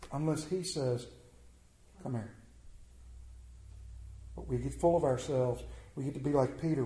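A man's voice: a little high, mellow. A middle-aged man preaching a sermon in a folksy, plainspoken way, putting questions to his congregation. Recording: echoey room.

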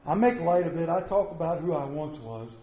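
A middle-aged man preaching a sermon as the church's pastor, telling stories and dropping from loud to soft. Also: fairly high pitch, lively intonation, brisk. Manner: storytelling, swinging between soft and loud. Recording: echoey church hall.

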